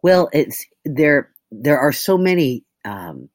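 An audiobook narrator in easy interview chat, chatty and quick to act out the people she quotes. The pitch swings all over in lively jumps, and the recording is dry and close with no room sound. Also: no room sound. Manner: chatty, animated storyteller who acts out quotes. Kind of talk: casual interview talk.

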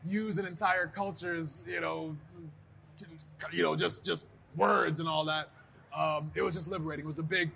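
High, bright-voiced man telling stories. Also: moderate pace, gravelly, slight background noise. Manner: animated, acts out voices in his stories. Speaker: guest, pro wrestler. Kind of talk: casual interview storytelling.

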